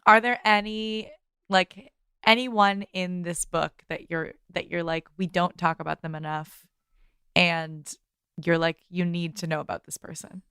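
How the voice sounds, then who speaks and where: A woman's voice: lowish voice, fairly even intonation, a little slow, a bit bright, smooth, dry recording, studio quality. An American woman co-hosting a casual podcast, asking questions in a friendly, giggly way. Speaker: podcast co-host.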